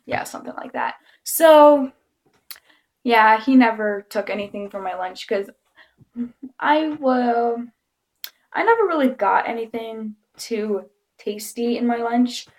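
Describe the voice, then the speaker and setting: A woman vlogger telling a story to camera in a casual, chatty way, often giggling and acting out what people said. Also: on the high side. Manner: giggly, chatty, animated quoting.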